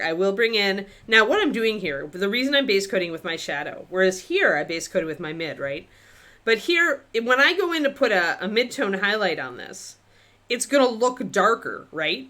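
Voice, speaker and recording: Relaxed and chatty, a woman paints miniatures on a live stream and talks through her thinking. She has a bright, clear voice whose pitch rises and falls a great deal.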